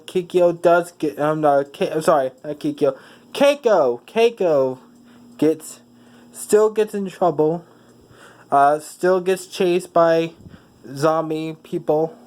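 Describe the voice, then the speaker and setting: Slow, halting fan storyteller. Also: medium pitch, dark tone, poor audio. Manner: halting, with many fillers and self-corrections. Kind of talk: casual rambling retelling.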